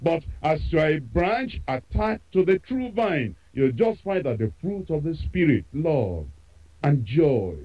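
A man preaching a sermon, with emphatic repetition and expressive delivery. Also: a little high, slightly rough, lo-fi sound.

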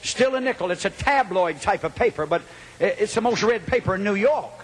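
A man preaching a Pentecostal revival sermon to a congregation, telling a dramatic story that builds into shouting. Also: sits high, lively intonation, brisk, husky. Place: church or hall before a congregation.

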